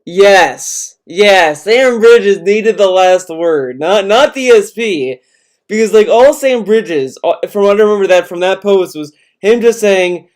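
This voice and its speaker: A man's voice: high-pitched, expressive, unhurried. A man chiming in on a live stream with sarcastic, rambling, stammering remarks. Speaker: co-host commenting. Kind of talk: casual live-stream chat.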